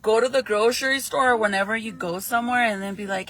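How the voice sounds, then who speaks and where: A woman's voice: on the high side, fast, hardly any pauses, a bit bright. A young woman chatting casually while doing her makeup, swearing freely and laughing often. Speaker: vlogger.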